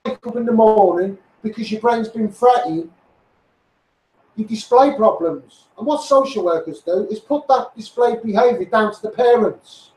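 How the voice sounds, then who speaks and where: High-voiced scouse-essex bloke ranting on a livestream, shouting out viewers, echoey and a bit off mic. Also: male voice, normal speed, distant mic. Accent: Scouse mixed with Essex. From England. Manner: ranting, greets viewers by name, repeats himself. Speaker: campaigner live-streaming to followers. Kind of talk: impassioned live-stream rant.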